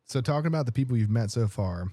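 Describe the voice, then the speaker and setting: Fast-talking podcast host man. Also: medium pitch, animated, warm tone, no room sound, studio quality. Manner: quick, easygoing questioner. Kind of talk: casual podcast interview. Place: podcast studio.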